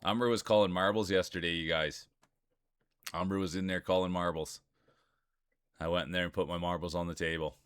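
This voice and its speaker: A man's voice: low voice, fairly even intonation, fairly quick, pauses often, a bit bright, smooth, dry recording, clean studio sound. A man streaming live, chatting casually and rambling while greeting viewers by name.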